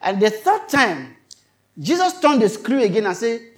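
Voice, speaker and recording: A man's voice: high voice, sing-song, a little slow. A male pastor preaching a sermon, emphatic and repetitive, often turning to question his congregation.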